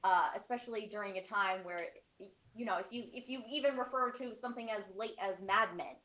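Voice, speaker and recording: Female podcast co-host, bright voice, eager, rambling. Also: medium pitch, brisk. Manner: enthusiastic, rambling, many fillers. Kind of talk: casual chat.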